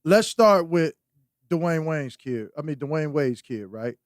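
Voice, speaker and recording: A man's voice: a little high, lively intonation, slow, no room sound, studio quality. Blunt, profane man on a podcast. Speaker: podcast co-host. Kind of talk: casual heated podcast chat.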